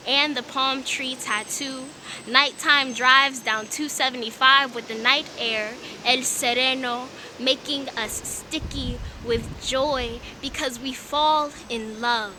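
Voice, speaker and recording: Tampa woman performing slow spoken word. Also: high voice, noisy background. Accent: Southern US, Tampa Florida. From Tampa, Florida. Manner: rhythmic, emphatic delivery. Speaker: poet.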